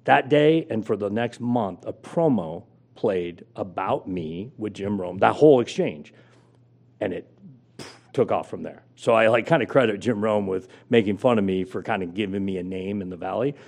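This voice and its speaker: A man's voice: on the low side, moderate pace, vocal fry, darkish tone. A middle-aged man telling a career story as an interview guest, acting out quotes with big jumps in his voice. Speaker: guest, former sports radio host.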